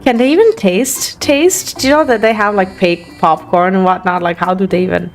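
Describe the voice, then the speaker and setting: A woman's voice: medium pitch, brisk. A woman streamer chatting casually and giggling while she plays a game, with faint game music behind. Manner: giggly, chatty, lots of fillers. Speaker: gaming streamer.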